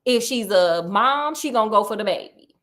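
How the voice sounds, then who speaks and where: A woman's voice: a little high, lively intonation, normal speed, a bit bright. A woman voicing a brash, cocky male detective who talks in slang. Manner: boastful, slangy.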